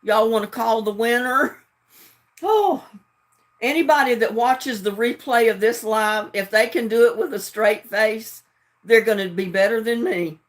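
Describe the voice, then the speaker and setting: Speaking a little slowly in a fairly high voice, a livestream trivia host keeps things casual and chatty, addressing viewers directly and frequently breaking into giggles.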